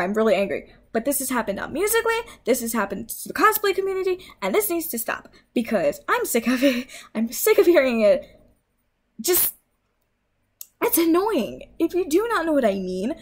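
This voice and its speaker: A young woman vlogger in a heated, swearing rant, scolding her viewers. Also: high voice. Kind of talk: angry rant.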